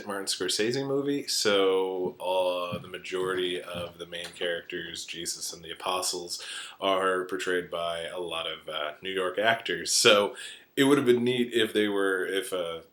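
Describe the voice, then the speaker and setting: A low-voiced man talks through movies as a podcast host, in a loose, chatty style full of "uh"s. His delivery is animated, jumping up in pitch and loudness when he gets excited, and he often laughs between points. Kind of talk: casual film commentary.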